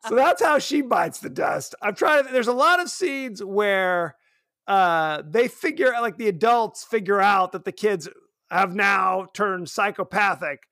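Gravelly high-voiced joking man. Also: measured pace, no room sound, clean studio sound. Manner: joking, animated, teasing. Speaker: podcast co-host. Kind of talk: casual movie review chat.

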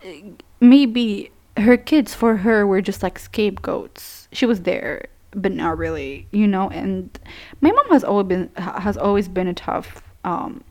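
A woman's voice: medium pitch, lively intonation, unhurried, mellow. Young woman going on about her childhood while gaming, lots of likes and ums, swears a lot. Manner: rambling, profane, full of fillers. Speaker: gaming streamer. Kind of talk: casual storytelling over gameplay.

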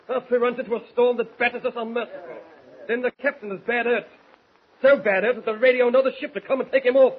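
Bullying mutineer, rough grammar, highish voice, muffled old radio. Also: male voice, fairly even intonation, quick pace. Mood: scornful. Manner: bullying, threatening, coarse grammar. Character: menacing English mutineer ringleader, gruff man. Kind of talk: 1940s radio acting. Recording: muffled hissy 1940s radio broadcast.

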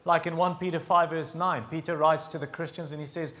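A man preaching a sermon, earnest and emphatic, slowing down to stress key phrases. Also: fairly high pitch, little pitch movement, pushed and bright. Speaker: pastor.

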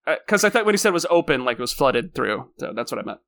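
Bright, slightly high guy joking around at a tabletop game. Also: creaky. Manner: animated, joking, quick to laugh. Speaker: player. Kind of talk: casual tabletop game chat.

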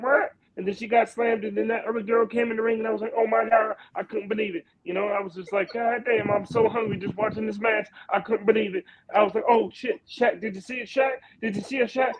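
A man putting on a boisterous, excitable older male sports pundit, rambling and exclaiming. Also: high voice, muffled recording, pitched above the performer's own voice. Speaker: podcast co-host.

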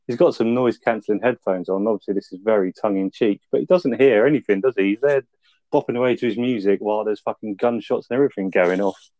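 A man's voice: on the low side, fast, warm tone, dry recording, muffled recording. A man casually retelling film scenes on a review podcast, swearing freely and laughing as he goes. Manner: laid-back, swears a lot, laughs while retelling scenes. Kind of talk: casual chat, recapping a film.

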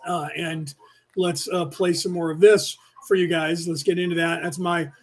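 A man's voice: on the high side, little pitch movement, normal speed. An American man hosting a podcast class, talking in a rambling, opinionated way with many fillers and restarts. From United States. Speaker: podcast host and class teacher. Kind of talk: casual rambling lecture.

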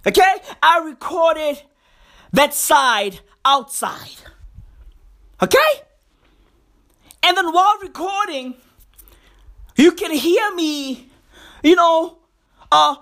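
A woman hosting a podcast in a profane comedic rant. She repeats her phrases and breaks into exasperated shouts. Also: high-pitched, lively intonation, extremely slow, pauses often. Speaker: podcast host.

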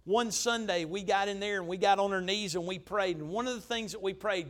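Speaking a little fast with few pauses, this high-pitched male pastor preaches a sermon built around storytelling. He's emphatic yet conversational, and his volume shifts from loud to soft.

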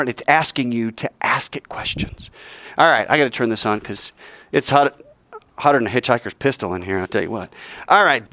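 Lively, animated male Bible teacher. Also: mid-range voice, dry recording. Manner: joking, vivid, addresses listeners directly. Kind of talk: animated storytelling lesson. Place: hot indoor room.

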